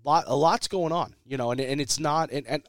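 A congested man with a fairly high voice runs a laid-back sports podcast while ill, speaking a little fast. He keeps repeating himself as he starts over, and the studio audio is clean with no room sound.

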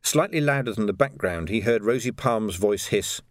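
Male audiobook narrator, expressive and measured, dry read. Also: fairly low pitch, no echo. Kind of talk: scripted narration.

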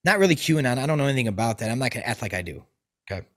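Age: adult. Sex: man. Role: podcast host. Style: casual chat, profane storytelling, lots of restarts. Pitch: medium. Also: big pitch swings, very fast, a bit bright.

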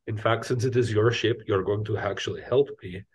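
A man's voice: lowish voice, fairly even intonation, fairly quick, slightly rough. A man voicing an easygoing male mechanic with tool arms, breezy and matter-of-fact. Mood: teasing.

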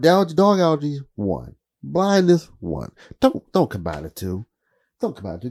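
A man telling rambling, profane stories in a casual comedic monologue, his voice jumping up high when he gets worked up. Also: mellow.

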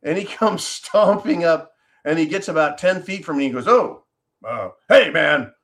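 A man's voice: a little high, normal speed. A man hosting a podcast, talking in a blunt, profane, riled-up way as he tells a personal story to his listeners. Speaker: podcast host. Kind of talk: casual monologue and storytelling.

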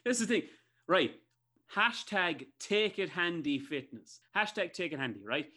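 Irish male co-host, slightly high pitch, excitable and jokey, casual banter on a video call. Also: a little slow. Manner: excitable, joking, laughs a lot. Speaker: podcast co-host.

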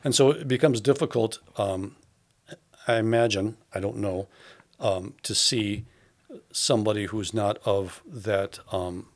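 A man's voice: fairly low pitch, a little slow. A man who directs a theatre, talking thoughtfully in a casual interview, with many fillers and restarts.

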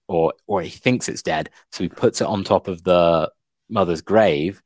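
A young man co-hosting a casual book podcast, telling a plot with lots of "like" and an animated retelling. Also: sits low, measured pace, dry recording, clean studio sound. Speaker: podcast co-host.

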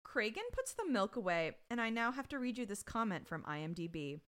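Bright, expressive woman podcast co-host. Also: fairly high pitch, brisk, clean tone. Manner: bright, expressive, swears freely. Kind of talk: casual chat recapping a TV episode.

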